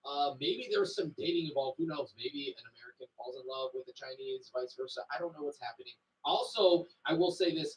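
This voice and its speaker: A man giving measured, explanatory commentary in a video. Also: fairly high pitch, recorded from a distance, low-quality recording.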